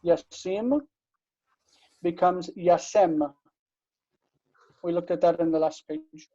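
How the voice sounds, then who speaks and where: A man teaching Biblical Hebrew in an online class, explaining slowly and patiently and often checking that students follow. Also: sits high, mellow, dry recording, dull audio. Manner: slow, patient explaining with frequent checks for understanding.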